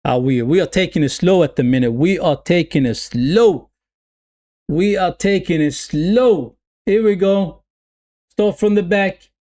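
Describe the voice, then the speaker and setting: A man provides live football watch-along commentary in a high voice at a measured pace. He gets excited by the play, repeats his phrases, and reads chat messages aloud.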